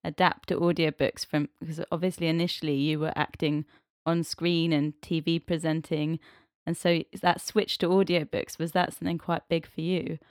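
Give me a woman host asking thoughtful questions, slightly low voice, dry room. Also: flat delivery, normal speed, dry recording. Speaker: podcast host. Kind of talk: interview questions.

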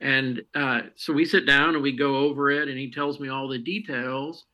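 A man's voice: medium pitch, steady tone, normal speed, bright, forceful tone, poor audio. A man from Texas, a podcast guest, answering questions in a friendly storytelling way with frequent fillers. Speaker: guest, marketing head of a distillery. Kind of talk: casual interview answers.

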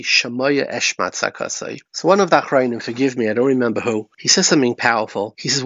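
A man's voice: medium pitch, fairly bright tone, no room sound. A man giving a Torah talk, telling stories and weaving in Yiddish and Hebrew terms. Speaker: rabbi. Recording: dry, slightly muffled recording.

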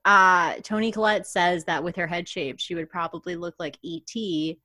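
A young woman co-hosting a casual podcast chat, animated, with quick bursts of excitement and laughter. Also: fairly low pitch, dry recording. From Puerto Rican heritage. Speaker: podcast co-host.

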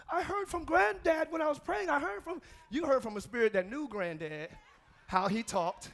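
Pastor guy preaching in church, real high voice, gravelly, yells a lot. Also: very animated, moderate pace. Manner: preaching with shouts and call-and-response; drops to quiet asides and laughs. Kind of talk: sermon.

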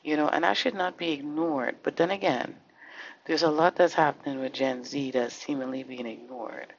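Male podcast host, gravelly and impassioned, heavy on rhetorical questions, dull lo-fi sound. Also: a little high, steady tone, normal speed, a little hiss or hum. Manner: fervent, full of rhetorical questions, swears now and then. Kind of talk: impassioned social commentary monologue. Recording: slightly dull lo-fi recording.

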